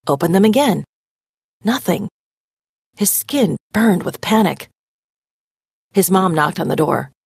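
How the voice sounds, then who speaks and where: A woman reading a story aloud expressively and pausing to define vocabulary words. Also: mid-range voice, vocal fry, slightly rough, no room sound, clean studio sound. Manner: animated, dramatic storytelling. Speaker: reader.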